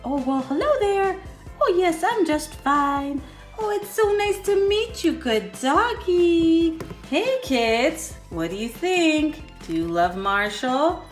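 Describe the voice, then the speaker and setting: A young woman hosting a children's toy video, talking in a sing-song, excited way and counting slowly. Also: sits high. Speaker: kids' toy video host. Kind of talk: children's toy play narration. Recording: echoey room, faint music.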